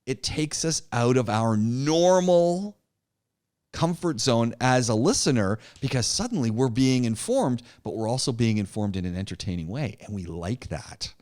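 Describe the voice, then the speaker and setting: Male coach voice, mid pitch, encouraging, lots of quick "yeah"s, loose classroom delivery. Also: a little mellow. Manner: encouraging, many repeated yeahs and restarts. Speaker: public speaking teacher. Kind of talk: interactive class discussion.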